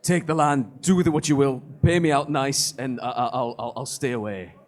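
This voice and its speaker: A man voicing a burly male boss who cries and pleads for his life, speaking slowly. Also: medium pitch, natural voice. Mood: defeated.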